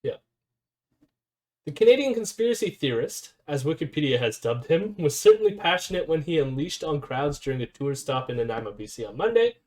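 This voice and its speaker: Higher-voiced man reading a news article aloud. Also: sing-song, a little fast, a little mellow. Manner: chatty, with frequent fillers and self-corrections. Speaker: streamer host. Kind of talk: casual live-stream commentary, reading an article aloud.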